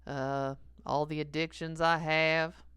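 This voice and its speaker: A woman's voice: deep voice, little pitch movement, slow pace, a bit bright, clean tone, no room sound, studio quality. A woman playing a sleazy, confessional 48-year-old male pastor who rambles hesitantly, with lots of fillers, and chuckles at himself. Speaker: comedic character sermon. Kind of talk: stream-of-consciousness comic sermon.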